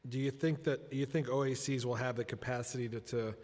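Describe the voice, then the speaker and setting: A man's voice: medium pitch, steady tone, a little fast, a little mellow. A man questioning officials at a budget hearing, pointed and pressing. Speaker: council member questioning officials. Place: large council chamber. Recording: long chamber reverb.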